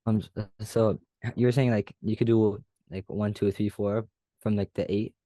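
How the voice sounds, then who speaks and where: Hesitant man asking a question, low voice. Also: fairly even intonation, normal speed, mellow, dry recording. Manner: hesitant, lots of "like". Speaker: student. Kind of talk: asking questions in an online class.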